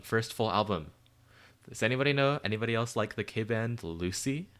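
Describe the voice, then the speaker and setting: He's hosting a livestream, excitedly and casually fielding chat questions while he rambles and leans on fillers. His voice sits low.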